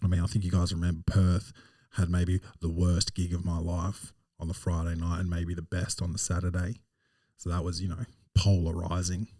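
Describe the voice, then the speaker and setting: A man's voice: deep voice, little pitch movement, moderate pace, warm tone, no echo, clean studio sound, recorded from a distance. A man, a stand-up comedian hosting his podcast alone, telling self-deprecating stories in a casual, rambling way. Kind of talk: casual solo podcast monologue.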